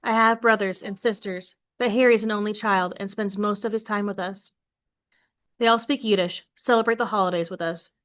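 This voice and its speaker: Brief: woman teacher, expressive read-aloud of a novel to a class, then plain questions for the students. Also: mid-range voice. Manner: expressive read-aloud, voicing quoted lines with more force.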